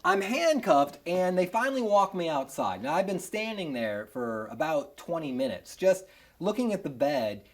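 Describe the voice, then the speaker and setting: A man telling a personal story on stage, animated and self-mocking, with lots of chatty asides. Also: a little high, moderate pace. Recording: live audience laughter audible.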